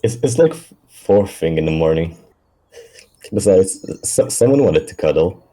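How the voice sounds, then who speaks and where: A man's voice: low voice, expressive, measured pace, warm tone. A man voicing a playful, mischievous feline man in a live story reading, with a teasing manner.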